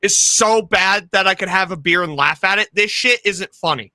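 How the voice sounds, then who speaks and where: A man's voice: high-pitched, normal speed, pushed and bright, no room sound, clean studio sound. A man co-hosting a casual podcast, emphatic and profane as he gives blunt opinions. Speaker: podcast co-host. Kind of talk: casual chat.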